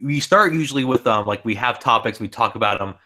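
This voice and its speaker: A man's voice: medium pitch, animated, brisk, sharp tone. A man hosting a casual livestream podcast, rambling with frequent restarts. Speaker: podcast host.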